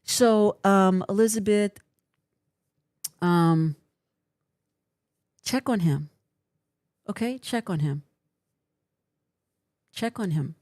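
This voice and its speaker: A woman's voice: mid-range voice, very slow, long pauses, darkish tone, no room sound, studio quality. A woman hosting a livestream, giving earnest, encouraging counseling advice in casual talk and often checking in with "right?".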